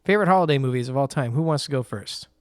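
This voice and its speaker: A man co-hosting a podcast in casual chat, relaxed and agreeable. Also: medium pitch, clean tone, no room sound, studio quality. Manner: relaxed, agreeable, quick to laugh. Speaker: podcast co-host.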